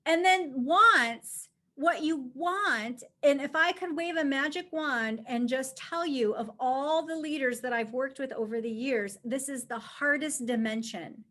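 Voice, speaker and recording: High-voiced woman coaching a webinar. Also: a little slow, hardly any pauses, pushed and bright. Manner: chatty and conversational, with frequent "right?" check-ins. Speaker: leadership coach and webinar presenter. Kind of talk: live webinar teaching. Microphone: camera mic facing the presenter.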